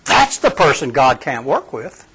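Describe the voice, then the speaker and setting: Animated, conversational man preaching. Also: medium pitch, a little slow, a little hiss or hum. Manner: conversational, animated, addresses the congregation directly. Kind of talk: sermon.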